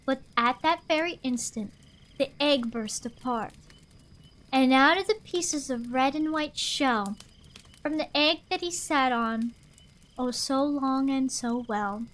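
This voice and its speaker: Young woman streamer, high voice, slow storybook reading, chatty asides, desk mic. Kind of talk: reading a picture book aloud on stream.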